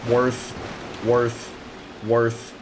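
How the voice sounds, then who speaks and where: A young man commentating his own video game run, excitable and prone to repeating words in rapid bursts. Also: medium pitch, noisy background. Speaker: gaming streamer. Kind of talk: let's play commentary.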